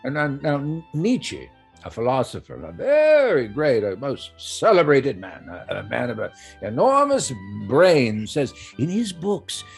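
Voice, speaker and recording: An actor playing a husky, stammering old landowner. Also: medium pitch, huge pitch swings, a little slow, soft background music, exaggerated voice. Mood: fretful. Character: flustered debt-ridden older male landowner. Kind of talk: stage play acting. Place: theatre stage.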